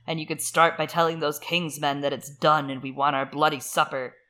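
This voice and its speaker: A woman voicing a gruff male sea captain during a book reading, blunt and grumbling. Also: low-pitched, flat delivery, brisk, bright, forceful tone, pitched below the performer's own voice.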